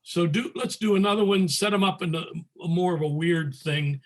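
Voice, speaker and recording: A man presenting a square dance calling lesson over a video call, explaining methodically and calling moves in crisp, clipped commands. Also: high voice, moderate pace. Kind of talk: teaching talk, calling demonstration calls.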